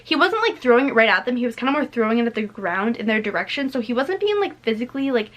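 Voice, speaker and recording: Talking quickly with big swings in a slightly high pitch, a teen vlogger recounts a story straight to her camera's microphone. She chatters on, constantly dropping "like" and "literally."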